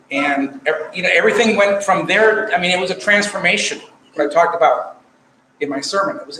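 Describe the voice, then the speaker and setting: A man's voice: a little high, fairly bright tone, slight background noise. A man who is a priest, speaking earnestly and reflectively at a church meeting. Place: church hall. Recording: echoey hall.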